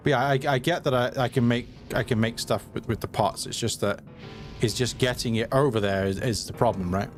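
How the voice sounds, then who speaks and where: Male let's-play streamer, average pitch, loose and conversational, quick to grumble at himself. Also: steady tone, faint music behind. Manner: chatty, self-mocking, quick to frustration. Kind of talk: live gameplay commentary.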